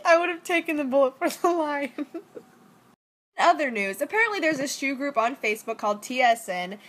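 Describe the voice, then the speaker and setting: Rambling young woman, slightly high voice. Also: expressive, normal speed, fairly bright tone. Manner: rambling, joking, heavy use of "like". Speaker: vlogger. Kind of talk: casual selfie-story chat. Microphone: phone camera.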